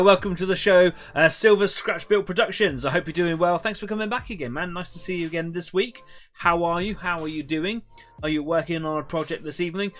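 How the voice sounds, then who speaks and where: A man hosting a live painting stream, chatting in a relaxed, rambling way to viewers while he works. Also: fairly high pitch. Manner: chatty, rambling, self-deprecating. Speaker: host of an online painting club stream. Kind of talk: casual live-stream chat.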